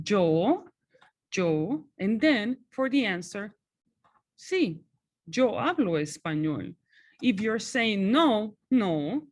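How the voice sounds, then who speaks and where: A woman whose first language is Spanish, patiently walking students through a class assignment and often checking in with them. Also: fairly low pitch. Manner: patient, explanatory, frequent checking "okay?". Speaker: Spanish teacher. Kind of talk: recorded class walkthrough.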